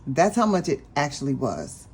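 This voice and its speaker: A woman vlogging about her budget, telling a personal story in a chatty, animated way and talking straight to her viewers. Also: low voice, moderate pace, a little hiss or hum. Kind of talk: casual storytelling vlog.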